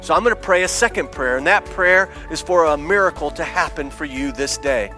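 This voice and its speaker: A man preaching an impassioned evangelistic sermon as a pastor in a church, swinging between shouts and hushed near-whispers. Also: on the high side, lively intonation, fairly quick, soft background music.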